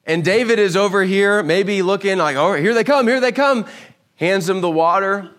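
A man preaching a sermon, telling a Bible story with lively acted-out voices. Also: on the high side. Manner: animated storytelling, acts out voices. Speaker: pastor.

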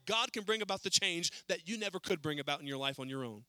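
Bright-voiced earnest male preacher. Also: fast, few pauses, clean tone, no room sound. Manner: earnest, rising to pleading then dropping low. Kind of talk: sermon. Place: church service.

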